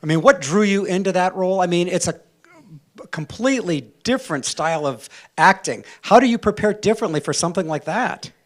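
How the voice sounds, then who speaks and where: A man's voice: high-pitched, animated, a little fast. A man moderating a panel, asking curious, conversational questions. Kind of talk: interview questions.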